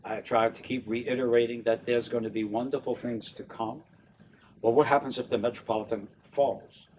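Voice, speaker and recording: An older man from New Orleans chats about his work in an animated voice that keeps breaking into laughs. He sits a little back from the mic. Faint room noise hums behind him. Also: medium pitch, moderate pace, distant mic. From New Orleans, USA. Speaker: opera tenor and stage director, interview guest. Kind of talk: casual interview chat.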